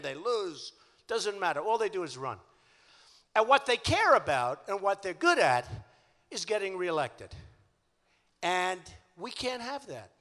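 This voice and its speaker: A man's voice: high-pitched, pushed and bright. Boastful older man at a rally. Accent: New York. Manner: boastful, repetitive, conversational. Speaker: campaign rally speaker. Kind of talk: political rally speech. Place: large civic hall. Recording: echoey hall.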